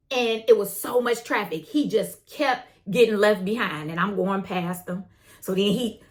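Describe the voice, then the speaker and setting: A woman's voice: fairly high pitch, fairly bright tone. A woman telling a story to her viewers in a casual, slangy way, swearing now and then and talking to them as y'all. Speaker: tarot channel host.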